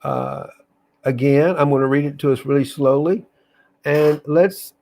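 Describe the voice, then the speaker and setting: A man hosting a reflective online session, talking in an earnest, halting way with restarts, then reading a poem aloud slowly. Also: a little high, darkish tone. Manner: reads slowly with long pauses. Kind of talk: casual live talk and slow poetry reading.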